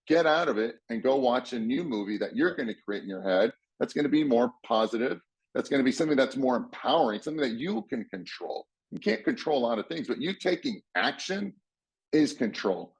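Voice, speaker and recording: Husky, blunt motivational man. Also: mid-range voice. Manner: blunt, swears freely, acts out quoted voices. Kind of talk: casual motivational talk.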